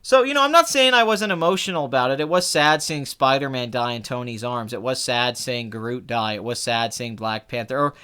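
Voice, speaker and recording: A young man casually chatting as a film review podcast co-host, animated and quick to act out what people said. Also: clear, resonant tone. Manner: animated, mimics people in high excited bursts. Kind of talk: casual chat.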